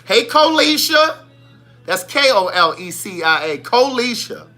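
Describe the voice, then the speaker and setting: A man's voice: high voice, a little slow, soft background music. A man hosting a casual live stream, greeting viewers by name in a playful, sassy way. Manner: playful, sassy, animated shout-outs. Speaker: livestream host.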